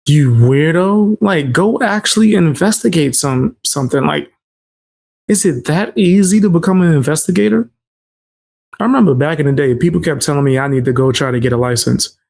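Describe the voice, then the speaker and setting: A man's voice: on the high side, animated, moderate pace, vocal fry, darkish tone. A man doing casual reaction commentary, blunt and scoffing, full of slang.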